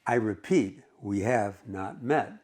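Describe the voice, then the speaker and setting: A man reading as a huffy, proud old gentleman. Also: lowish voice, slow pace. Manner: huffy, pompous. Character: proud, grumpy old man on a park bench.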